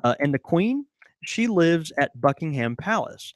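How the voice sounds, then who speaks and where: A man's voice: fairly high pitch, sing-song, takes it slowly, dry recording, studio quality. A man from the American South co-hosting a podcast in an easygoing way, often laughing as he talks. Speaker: podcast co-host. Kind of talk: casual chat.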